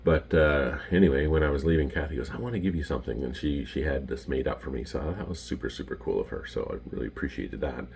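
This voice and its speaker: A middle-aged Canadian man with a Canadian accent, telling casual stories about his flying days and pausing often with ums and restarts. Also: extremely low pitch, creaky, darkish tone, slight background noise. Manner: rambling, many ums and restarts. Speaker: retired pilot showing his patches. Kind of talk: casual storytelling to camera.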